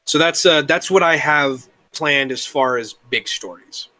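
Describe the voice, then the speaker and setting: A young man talking casually as an interview guest, rambling and halting, with the occasional curse. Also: a little high, sharp tone, no room sound. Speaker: guest, worldbuilding creator.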